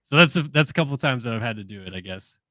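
Young man, podcast guest, bright forceful voice, close and dry, chatty with lots of "um"s. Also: mid-range voice, lively intonation, rapid-fire, no echo. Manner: thoughtful, many fillers and restarts. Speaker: guest, moto journalist. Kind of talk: casual interview chat.

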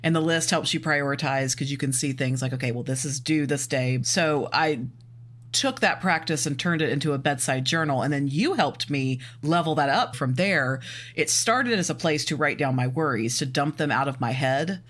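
A podcast co-host chats casually, telling anecdotes in a lively way and putting on the voices of the people being quoted. The voice sits at an ordinary middle pitch. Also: normal speed.

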